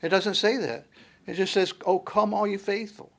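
A middle-aged pastor delivers a sermon, stacking up his points with one rhetorical question after another in a steady preaching rhythm. His voice sits high with some vocal fry, and he speaks at a normal speed.

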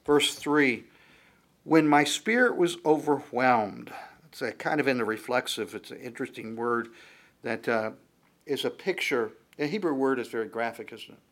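A man preaching a Bible-teaching sermon in a halting way, repeating words, using many fillers and asking his listeners questions. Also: mid-range voice, a bit bright.

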